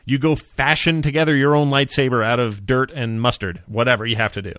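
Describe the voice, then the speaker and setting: A man hosting a casual podcast, talking in an animated, jokey, rambling way with restarts. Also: medium pitch, brisk, no echo, clean studio sound. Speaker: podcast host.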